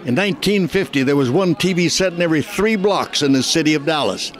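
Telling stories in a casual interview, this American voice actor in his nineties speaks quickly and animatedly in a fairly high voice. His manner is folksy, heartfelt and emphatic.

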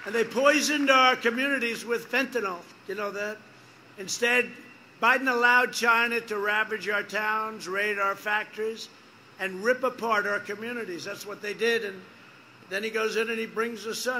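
A man's voice: sits high, moderate pace, bright, forceful tone, slight background noise. A man gives a rambling, repetitive campaign rally speech outdoors, making emphatic asides to the crowd. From United States. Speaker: politician speaking at a rally.

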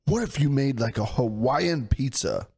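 A young man with a hoarse, worn-out voice, chatting excitedly and swearing freely as a podcast co-host. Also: medium pitch, unhurried. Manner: excitable, swears a lot, laughs often. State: hoarse, voice mostly gone. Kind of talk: casual chat.

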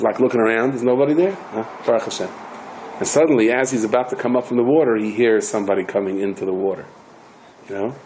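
A man's voice: medium pitch, slight background noise, poor audio. An older man giving a lecture as a rabbi, telling stories with humor and many restarts. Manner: animated, joking storyteller with many restarts. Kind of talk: storytelling Torah lecture.

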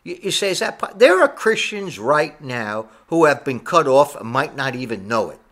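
Animated, bright-voiced male preacher. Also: mid-range voice, moderate pace. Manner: emphatic, rhetorical questions, repeats phrases. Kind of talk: sermon.

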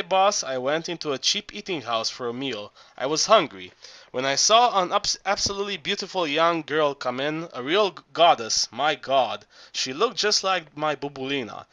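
A man's voice: fairly high pitch, bright, forceful tone, dry recording. A man reading an audiobook aloud, often stumbling and restarting words. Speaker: audiobook reader. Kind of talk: amateur audiobook narration.

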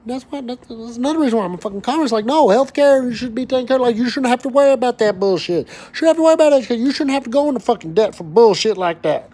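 A man's voice: extremely high pitch, lively intonation, very fast, few pauses, mellow. A man, an oil and gas worker ranting angrily to camera, swearing heavily and stumbling over repeated words. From West Texas. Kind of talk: angry profane rant to camera.

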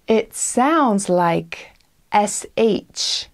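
Very slow American woman teaching English. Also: fairly high pitch, lively intonation, creaky. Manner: very slow, deliberate, explains pronunciation. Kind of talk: beginner language lesson.

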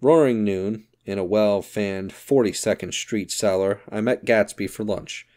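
Low-voiced guy reading a novel aloud, steady and measured. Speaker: audiobook narrator. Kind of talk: scripted narration.

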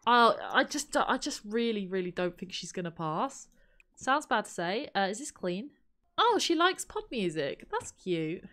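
A woman's voice: a little high, a bit bright. A woman giving chatty let's play commentary, thinking aloud and exclaiming at what happens in the game. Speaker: gaming channel host.

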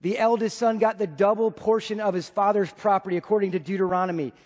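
Pastor, man in his 40s, higher voice, preaches with big loud-to-hushed swings, church hall reverb. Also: fairly even intonation, fast talker. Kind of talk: sermon. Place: church sanctuary.

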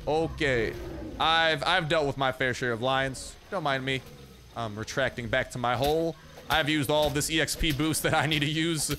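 A young man hosting a let's play, talking casually to viewers and jokingly taunting animals in the game, with slang and quick asides. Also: medium pitch, animated, sharp tone. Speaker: gaming channel host.

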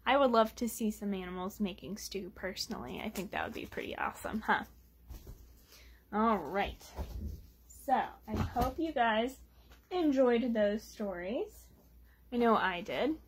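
A woman reading picture books aloud to children, expressive and asking them little questions. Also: a little high, a little hiss or hum. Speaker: children's storytime reader.

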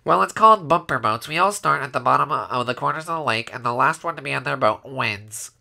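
A man doing a gravelly creepy alien. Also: medium pitch, animated, pushed and bright, heavily acted. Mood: calm. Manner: slow, creepy, formal. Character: creepy male alien who probes specimens.

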